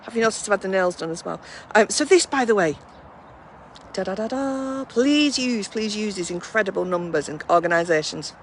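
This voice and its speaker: A woman's voice: mid-range voice, lively intonation, normal speed, a little hiss or hum. A woman, a mindfulness class instructor, chatting casually on a live stream from home on a handheld phone and cooing in baby talk at her dogs.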